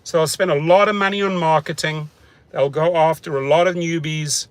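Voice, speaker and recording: A man's voice: on the high side, fairly even intonation, normal speed, dry recording. A man talking casually on a livestream from his parked car, chatty and often repeating words as he restarts his sentences. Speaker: rideshare driver host answering live chat.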